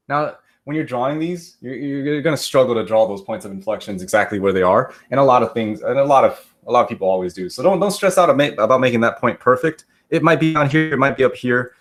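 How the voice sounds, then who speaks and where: A man's voice: mid-range voice, fairly bright tone. A man teaching a math lesson in a casual, joking way, often checking with his class. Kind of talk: recorded classroom lecture.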